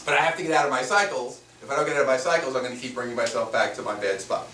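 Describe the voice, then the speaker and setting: A man, a spiritual teacher, giving a lively workshop talk and asking the audience questions. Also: medium pitch, very fast. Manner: animated, playful, asks the audience questions. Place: room with a small audience. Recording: roomy, mic at a distance, faint noise.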